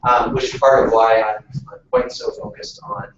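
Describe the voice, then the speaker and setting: A man's voice: medium pitch, huge pitch swings, normal speed. Rambling man in an echoey room. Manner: rambling, lots of fillers and restarts. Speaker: workshop facilitator. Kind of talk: casual workshop talk. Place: meeting room. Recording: echoey room from far off, muffled, noisy.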